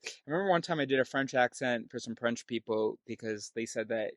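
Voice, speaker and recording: A man telling a story in a casual monologue, with quick, joking asides. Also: mid-range voice, dry recording, clean studio sound.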